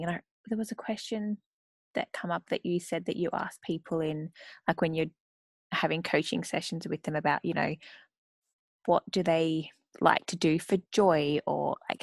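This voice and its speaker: A woman's voice: low voice, gravelly, no room sound, clean studio sound. A woman hosting a casual interview, enthusiastic and encouraging. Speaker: podcast host.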